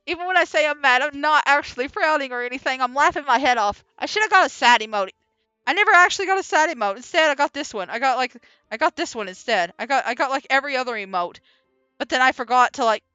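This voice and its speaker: A woman streamer talks over her gameplay in a rambling, excitable way and breaks into laughter often. Her voice is high and bright, with a smooth, crisp tone. It is recorded close and dry. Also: no echo. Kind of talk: casual gameplay commentary. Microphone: voiceover recorded after the stream.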